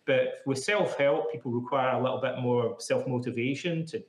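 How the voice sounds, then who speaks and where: Interviewed as a psychotherapist, a man explains things at normal speed in a medium-pitched voice. His delivery is casual and chatty, full of "like" fillers, captured in an echoey room.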